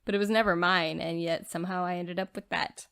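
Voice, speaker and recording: A woman's voice: on the low side, steady tone, brisk, creaky, a bit bright, clear, resonant tone. Woman teasing and musing on a podcast. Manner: playful teasing, thoughtful asides. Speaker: podcast co-host. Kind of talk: casual movie review chat.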